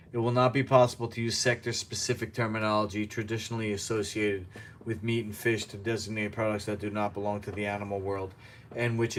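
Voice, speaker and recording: A man hosting a home news show, reading articles aloud and breaking off into sarcastic asides while he cooks in his apartment. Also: fairly low pitch. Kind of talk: casual news commentary while cooking. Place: apartment kitchen.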